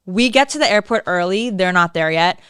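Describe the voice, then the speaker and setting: A young woman co-hosts a chatty podcast and tells the story bluntly, with plenty of swearing and lively retelling. Her voice is smooth and clean, recorded dry and close with no room sound. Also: lowish voice, brisk, dry recording. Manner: animated, blunt, swears freely. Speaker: podcast co-host. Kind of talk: casual storytelling chat.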